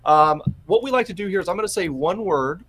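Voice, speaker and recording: Easygoing podcast host, higher-voiced man. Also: animated, fairly quick, fairly bright tone, a little hiss or hum. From southern United States. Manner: friendly, easygoing, uses fillers. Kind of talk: casual chat.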